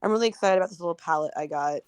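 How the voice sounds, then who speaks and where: A woman's voice: fairly low pitch, rapid-fire, crowd noise. Giggly, chatty woman on a stream. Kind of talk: casual chat on a live stream.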